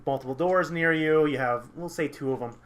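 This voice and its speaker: Halting young man running a tabletop game. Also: a little high, a bit bright. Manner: halting, many restarts and fillers. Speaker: game master.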